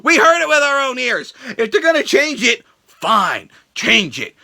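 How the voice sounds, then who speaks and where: A young man hosting a wrestling review vlog, ranting crudely and sarcastically with occasional shouts. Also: very high voice, expressive, moderate pace, creaky, few pauses. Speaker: show host reviewing wrestling.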